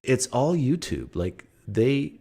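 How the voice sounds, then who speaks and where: A man's voice: medium pitch, very animated, takes it slowly, creaky, warm tone, slightly rough. A man hosting a podcast, talking casually and making sarcastic, wisecracking remarks. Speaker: podcast host. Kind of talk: casual mocking commentary.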